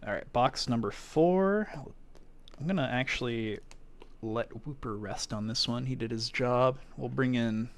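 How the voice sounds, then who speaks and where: A man talking loosely and conversationally on a live stream, thinking aloud as he goes. His voice sits at an ordinary middle pitch. Now and then he bursts into short excited exclamations. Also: measured pace. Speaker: livestreamer opening card packs. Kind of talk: casual live-stream chat.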